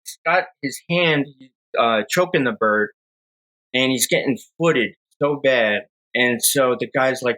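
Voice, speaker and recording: Bright-voiced man telling a story. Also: medium pitch, measured pace, low-quality recording. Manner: rambling, relaxed storyteller with many fillers. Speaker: podcast guest, falconer. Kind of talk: casual storytelling.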